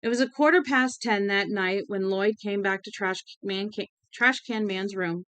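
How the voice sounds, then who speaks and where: A woman narrating an audiobook in a steady, even way, with small self-corrections. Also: medium pitch, normal speed, clear, resonant tone, dry recording. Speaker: audiobook reader.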